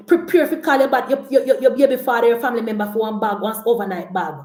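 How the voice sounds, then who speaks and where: A Jamaican woman with a slightly high voice gives an animated, scolding political rant. She mocks the people she is talking to and draws out her points. Her voice rings in an echoey room. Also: quick pace, few pauses. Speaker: political commentator.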